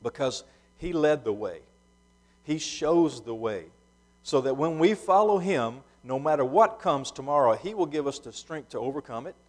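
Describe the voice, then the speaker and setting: A pastor preaches a sermon in earnest at normal speed, speaking expressively. He often restarts and repeats phrases, dropping soft and low at times before rising to louder, emphatic lines.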